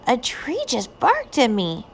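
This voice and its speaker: Amelia Bedelia, a woman voicing a bright housekeeper. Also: fairly high pitch, wildly swooping pitch, slow, background noise, pitched above the performer's own voice, full character voice. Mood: earnest. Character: cheerful literal-minded adult housekeeper woman.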